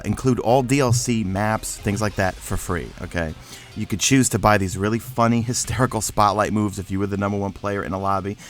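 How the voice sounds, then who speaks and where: A man's voice: on the low side, a bit bright. A man co-hosting a casual gaming discussion, thinking aloud with lots of fillers and restarts. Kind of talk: casual chat.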